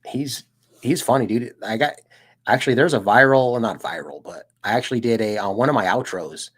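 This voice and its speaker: A relaxed young man from the United States chatting on his stream. He rambles loosely from story to story, tossing in "dude" and little laughs. His voice sits at a middle pitch for a man. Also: a little fast, slightly rough. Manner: rambling, laid-back, peppered with "dude" and laughs. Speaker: streamer and channel host. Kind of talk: casual livestream chat.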